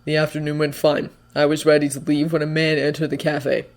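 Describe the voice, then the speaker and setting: A reader playing a sombre male vigilante who mutters bad news. His delivery is hushed and held back. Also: monotone, brisk, lightly acted. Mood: grave. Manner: low, subdued, muttering.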